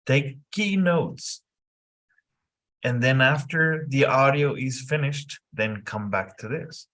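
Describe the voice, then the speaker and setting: A man tutors a single student in English, speaking slowly and deliberately. He repeats each instruction patiently. His pitch sits in a middle range. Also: fairly bright tone. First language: Spanish. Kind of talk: one-on-one lesson coaching.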